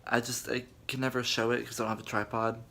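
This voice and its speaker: A man's voice: mid-range voice, level tone, quick pace, vocal fry, pushed and bright. A young man chatting dramatically about a book in a casual reading vlog, full of fillers. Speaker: book vlogger.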